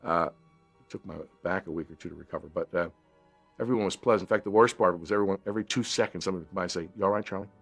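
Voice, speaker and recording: A man's voice: low-pitched, rapid-fire, vocal fry, breathy edge, faint music behind. An older man, an actor, recalling a film shoot in an interview, reflective and with stammering restarts. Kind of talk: anecdotal interview.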